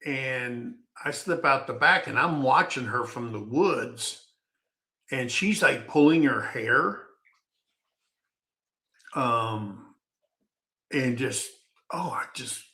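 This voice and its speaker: Slow, bright-voiced folksy male storyteller. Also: mid-range voice, expressive. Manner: rambling, folksy, halting with restarts. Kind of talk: casual personal storytelling.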